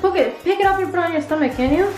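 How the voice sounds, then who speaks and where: High-voiced woman teasing over loud music. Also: racing. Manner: teasing, laughing, giving instructions. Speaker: vlogger filming. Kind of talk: casual vlog chat. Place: bathroom. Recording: echoey bathroom with loud music.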